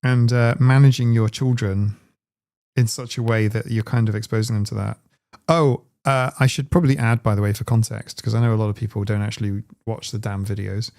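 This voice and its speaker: A man's voice: fairly low pitch, steady tone, a little fast, creaky, a little mellow. A man hosting a live stream, chatting casually in a rambling, digressive way. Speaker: streamer host.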